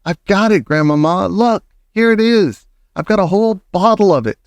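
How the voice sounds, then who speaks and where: A man reading aloud and voicing an excited, brave young boy who has been turned into a mouse, in a high, breathless voice. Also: moderate pace, no room sound, clean studio sound, lightly acted.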